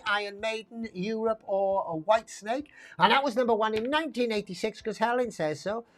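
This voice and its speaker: A woman hosting a live online pub quiz, chatty and rambling, reading out questions and options and laughing often at herself. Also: mid-range voice. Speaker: quiz host.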